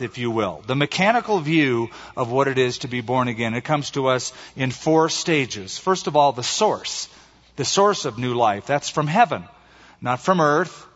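A male pastor preaching a sermon with emphatic delivery, slowing down to stress key phrases. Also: fairly high pitch, a bit bright. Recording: muffled recording in a reverberant hall.

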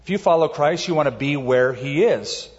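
A man's voice: a little high, animated, darkish tone, muffled recording. Emphatic preacher man in a reverberant hall. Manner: emphatic, varies pace and volume, slows words for stress. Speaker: pastor. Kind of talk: sermon.

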